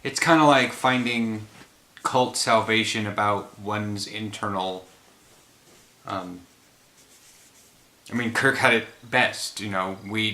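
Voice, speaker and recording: Sounding worn out after a run, this host rambles through a laid-back conversation about movies, frequently letting sentences fade unfinished. He speaks in a lowish, sharp-toned voice.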